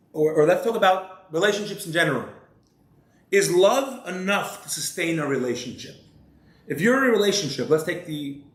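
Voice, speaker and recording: A male rabbi giving a measured lecture, posing rhetorical questions to his listeners. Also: on the high side, fairly bright tone. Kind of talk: religious lecture. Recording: roomy echo.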